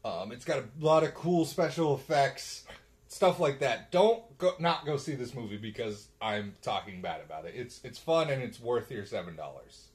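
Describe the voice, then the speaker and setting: Animated young man reviewing a movie. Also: mid-range voice, moderate pace. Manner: animated, blunt, joking. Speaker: podcast co-host. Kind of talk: casual movie review chat.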